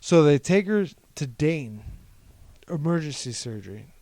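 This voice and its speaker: On a podcast, a young Ohio co-host rambles through a lengthy personal story, retelling events by quoting people's words. His warm voice sits on the high side, with lively intonation at a moderate pace. It's a dry recording.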